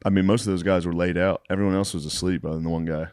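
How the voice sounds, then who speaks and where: A man with a very low, deep voice adds deadpan one-liners to a casual chat. The sound is close and dry, with no room around it. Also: rapid-fire, clear, resonant tone, no echo. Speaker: podcast co-host. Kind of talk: casual podcast banter.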